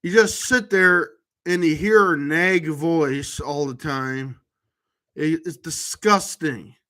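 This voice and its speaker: A man's voice: a little high, slow pace, bright, forceful tone. A man vlogger talking in a rambling monologue to camera, full of restarts and trailing fillers.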